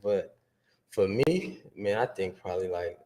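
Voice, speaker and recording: A man's voice: deep voice, measured pace, warm tone. A man in his twenties, a guest on a casual podcast, talking in a laid-back, hesitant way with many fillers. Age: 20s.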